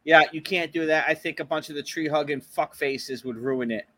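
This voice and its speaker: Swearing Boston guy, bright voice. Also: a little high, normal speed, no room sound. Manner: swears constantly, laughs often. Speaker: podcast host. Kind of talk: casual chat.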